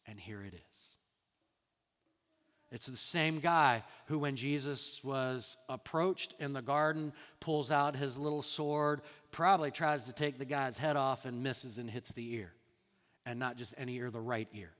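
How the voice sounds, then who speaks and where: Animated preacher man in a hall. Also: a little slow. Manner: animated, acts out quoted lines with sudden loud high bursts and soft drops. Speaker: pastor. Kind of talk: sermon.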